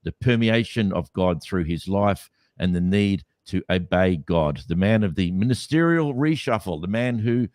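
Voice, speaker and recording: A man's voice: deep voice, expressive, moderate pace, hardly any pauses, a little mellow, no room sound. A man co-hosting a podcast, talking skeptically in a casual debate with many restarts. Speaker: podcast co-host.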